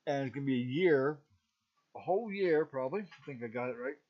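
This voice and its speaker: A man's voice: medium pitch, lively intonation, fairly quick. A middle-aged man reviewing a movie in a casual, rambling talk, often stopping to ask "okay?". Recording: dull lo-fi recording.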